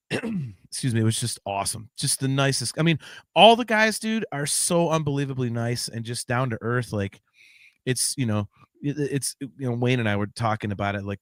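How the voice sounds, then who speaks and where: A man hosting a podcast, telling a long casual story in a rambling, excited way with plenty of casual swearing. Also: mid-range voice, brisk, no echo, clean studio sound. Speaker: podcast host.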